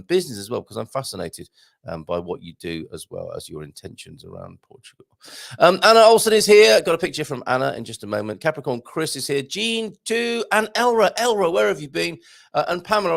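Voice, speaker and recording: Male live-stream host, gravelly, lively pitch, rambling chatty delivery, dry close sound. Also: no echo. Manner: chatty, rambling, many fillers and asides. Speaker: livestream show host. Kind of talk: casual live-stream chat.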